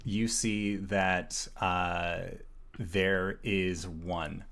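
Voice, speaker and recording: Slow, deep-voiced game master. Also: male voice, fairly even intonation, a bit bright. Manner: slow, measured, with frequent "uh" pauses. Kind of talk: narrating a tabletop game.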